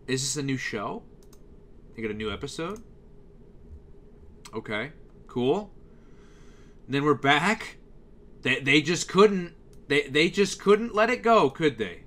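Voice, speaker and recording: Animated bright-voiced young man ranting. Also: fairly high pitch, a little slow, long pauses. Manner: animated, exasperated, frequent fillers and restarts. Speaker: youtuber reviewing TV schedules. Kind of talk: casual ranting commentary.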